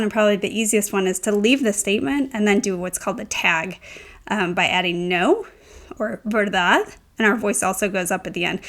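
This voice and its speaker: A woman's voice: medium pitch, a bit bright. A woman teaching a tutorial, explaining step by step with frequent ums and self-corrections. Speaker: Spanish teacher. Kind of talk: instructional tutorial.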